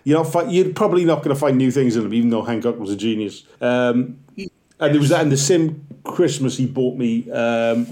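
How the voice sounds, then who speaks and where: A Welsh comedian around forty talks casually on a podcast, his voice sitting at an ordinary middle pitch. He tells animated, self-deprecating stories and slips into little acted-out bits as he goes. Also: fairly quick. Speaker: comedian guest.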